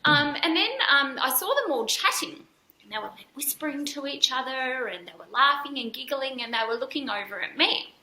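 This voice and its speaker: A woman's voice: high-pitched, animated, brisk, sharp tone, reverberant, a little hiss or hum, rough recording. A woman, a podcast guest, telling a personal story candidly and earnestly, with frequent fillers and restarts. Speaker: podcast guest, dance school founder.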